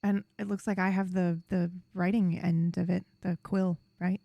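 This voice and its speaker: A woman's voice: fairly low pitch, little pitch movement, moderate pace, vocal fry, mellow, dry recording, lo-fi sound. A woman playing a tabletop game in casual chat, swearing freely and laughing often. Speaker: player.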